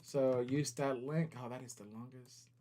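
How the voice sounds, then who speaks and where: Warm and steady at medium pitch, a company CEO chats casually through a livestream at a normal speed. He laughs easily and keeps talking to his viewers while he works on screen.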